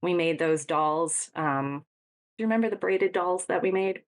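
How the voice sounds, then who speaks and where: A woman guest in a casual interview, recalling events with soft laughs. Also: fairly low pitch, moderate pace. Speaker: guest, retreat attendee.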